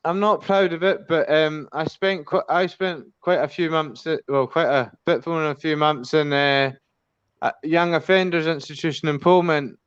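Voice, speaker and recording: A man in his thirties from the Scottish Highlands with a Highland accent, a guest on an online chat who talks hesitantly and restarts his sentences. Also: steady tone, moderate pace, smooth, no room sound. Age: 30s. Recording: dry, dull lo-fi call audio.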